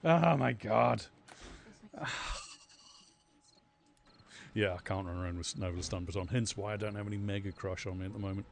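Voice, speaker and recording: A man streaming a game live, chatting to his viewers, swearing freely and swinging between calm muttering and loud excitement. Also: lowish voice, normal speed, gravelly, pauses often. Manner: excitable, swears often, chats to viewers while playing. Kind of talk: live gameplay commentary.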